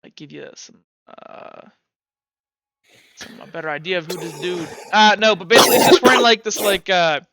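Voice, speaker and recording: High bright-voiced game master. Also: male voice, animated, moderate pace. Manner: rambling, filler-heavy. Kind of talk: narrating a tabletop game.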